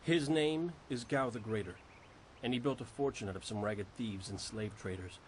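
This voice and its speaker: A man's voice: fairly low pitch, moderate pace, slight background noise, natural voice. A man voicing a smug, spoiled rich bully. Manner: smug, haughty and pushy. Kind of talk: video game voice acting.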